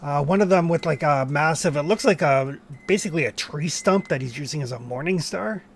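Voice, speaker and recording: Guy running a tabletop game, kinda high voice, lots of uhs, faint noise behind. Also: a little fast, gravelly. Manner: hesitant, many fillers. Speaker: game master.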